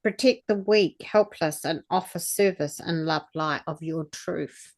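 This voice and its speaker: A woman's voice: low voice, a little slow, a little mellow. A middle-aged woman, giving an earnest, rambling spiritual talk and guided activation as a channeller. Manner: earnest, rambling, restarts mid-thought.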